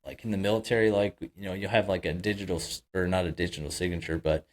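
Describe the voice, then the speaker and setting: A man's voice: sits low, fairly even intonation, fast. A man co-hosting a casual podcast chat, talking loosely with lots of fillers and agreeing easily. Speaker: podcast co-host.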